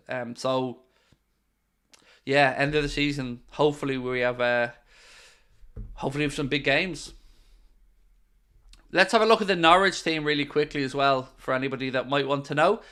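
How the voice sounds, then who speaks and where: A man's voice: a little high, bright, forceful tone, smooth. An Irish man hosting a football watchalong livestream, reading viewer comments aloud and joking in casual, teasing banter.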